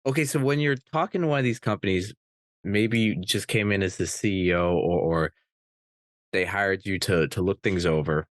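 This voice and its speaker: Male podcast host, lower voice, lively questioner, dry close recording. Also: moderate pace, no echo. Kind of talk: interview questions.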